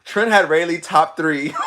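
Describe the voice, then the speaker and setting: A man streaming, chatting casually with his chat in slangy talk, repeating himself and often cracking up. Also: fairly high pitch. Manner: animated, slangy, repeats himself, breaks into laughter. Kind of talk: casual livestream chat reading comments.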